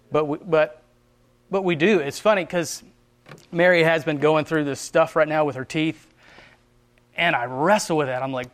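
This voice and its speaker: A man's voice: fairly high pitch, moderate pace. A man telling his personal faith testimony in an earnest, rambling way, often stopping to restart and acting out prayers as quotes. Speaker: Christian speaker sharing his testimony.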